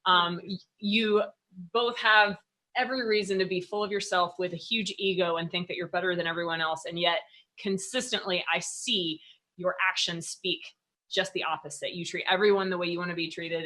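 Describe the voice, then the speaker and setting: A woman hosting an interview, praising her guests effusively in a relaxed chat. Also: fairly low pitch, normal speed, rough recording. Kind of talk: casual interview talk.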